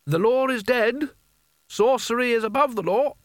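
A man's voice: normal speed, dry recording, studio quality. A man voicing a nervous male wizard who calls out uncertainly from a tower. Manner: uncertain, then shrill.

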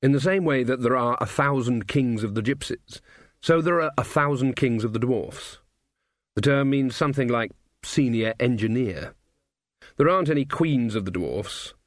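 A man's voice: medium pitch, moderate pace, no echo, studio quality. Man reading a comic fantasy audiobook. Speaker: audiobook narrator. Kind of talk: scripted narration.

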